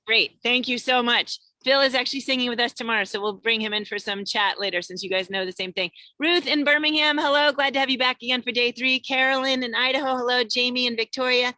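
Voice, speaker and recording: A woman's voice: a little high, quick pace, few pauses, bright, forceful tone, dry recording. A woman hosting an online singing show, chatting in an upbeat way and greeting viewers by name over a video call from her car. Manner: chatty and upbeat, reading out many viewer names. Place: in a parked car on a road trip.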